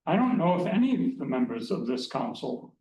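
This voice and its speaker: Council member asking blunt questions, distant. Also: male voice, on the high side, very animated, fairly quick, a little mellow. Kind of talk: questioning at a public meeting. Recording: echoey, distant hall audio with faint noise.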